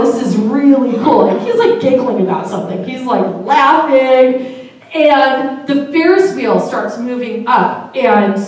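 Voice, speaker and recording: A woman's voice: on the high side, darkish tone. Woman telling a story in an echoey room. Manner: casual, chatty, laughs often, swears. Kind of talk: live personal storytelling. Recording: very echoey room, voice far from mic.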